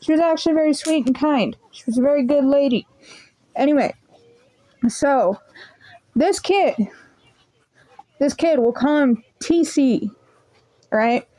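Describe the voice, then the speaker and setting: A woman's voice: high-pitched, measured pace, pauses often, low-quality recording. A young woman rambling through a casual storytime vlog, swearing freely as she tells it. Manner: swearing, rambling, animated retelling. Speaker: vlogger.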